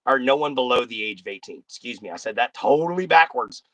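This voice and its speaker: A man's voice: medium pitch, expressive, fast, fairly bright tone, no echo. A man hosting a casual live stream, talking bluntly and folksily straight to his chat.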